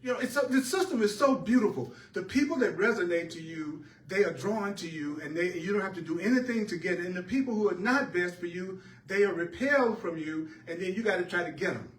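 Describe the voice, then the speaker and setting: Male spiritual teacher, fairly high voice, repetitive emphatic delivery, echoey room, recorded off-mic. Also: a little fast, hardly any pauses. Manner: repetitive, emphatic, preacher-like cadence. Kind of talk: spiritual teaching talk to a class. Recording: echoey room heard from a distance.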